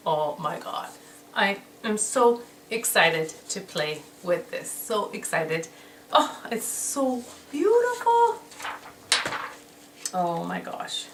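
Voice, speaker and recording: A woman hosting a casual beauty haul video, gushing and excitable, often repeating how excited she is. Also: medium pitch. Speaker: beauty vlogger. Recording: roomy echo, distant mic, noisy background.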